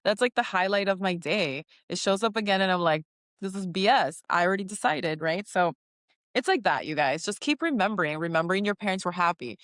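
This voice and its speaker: A woman co-hosting a casual spiritual podcast, animated, laughing often and acting out her own inner voices. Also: on the low side, fairly quick, dry recording, clean studio sound. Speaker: podcast co-host.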